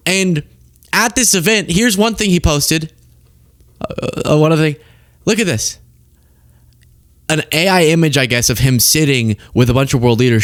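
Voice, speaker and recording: Sarcastic guy hosting political commentary, mid voice, dead dry mic, keeps going into squeaky mock voices. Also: no echo. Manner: sarcastic, jumps into high mocking voices.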